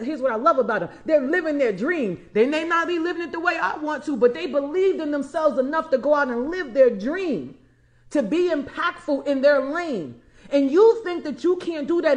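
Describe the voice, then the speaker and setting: Emphatic high-voiced woman coach in her forties. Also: normal speed. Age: 40s. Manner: emphatic, repeats key lines, addresses listeners as y'all and honey. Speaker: empowerment coach. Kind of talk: motivational livestream talk.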